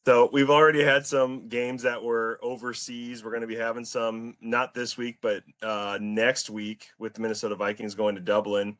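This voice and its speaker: A man's voice: medium pitch, moderate pace, few pauses. Man hosting a casual football podcast. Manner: relaxed, jokey banter. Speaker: podcast host.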